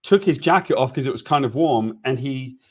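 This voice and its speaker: A man's voice: mid-range voice, animated, fairly quick. A British man co-hosting a casual chat, telling anecdotes with lots of "right?" and laughter, over a video call. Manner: chatty storyteller, frequent "right?" and laughs. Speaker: co-host.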